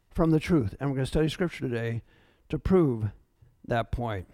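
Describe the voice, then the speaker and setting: A man preaching a sermon as pastor, emphatic, repeating key words and swinging between loud declarations and hushed asides. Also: high voice, dry recording.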